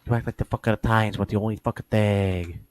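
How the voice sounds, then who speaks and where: A fairly low-voiced man co-hosts a comedy podcast, speaking fast in a steady tone and telling rambling, profane stories in crude, casual banter, often trailing off mid-sentence. The recording is dry.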